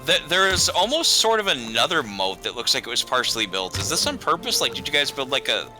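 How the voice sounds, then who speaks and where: Bright, lively man chatting over a game. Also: mid-range voice, soft background music. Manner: rambling, chatty, quick to joke. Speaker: gamer streaming with friends. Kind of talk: casual gaming chat.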